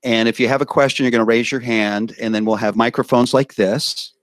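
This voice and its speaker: A man's voice: mid-range voice, a little fast, no echo. Upbeat man emcee on a handheld mic. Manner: lively, coaxing the crowd to join in. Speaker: event emcee. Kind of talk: briefing a live audience. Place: conference room with a live audience.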